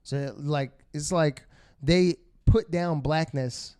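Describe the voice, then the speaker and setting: A man's voice: a little high, takes it slowly, warm tone, clean tone. A man co-hosting a podcast in casual chat, teasing and laughing often. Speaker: podcast co-host.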